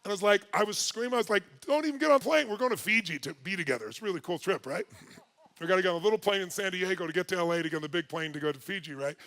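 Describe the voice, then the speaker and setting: A man telling a personal story to an audience, lively and exclaiming at times, then dropping to quiet, earnest talk. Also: high voice, racing.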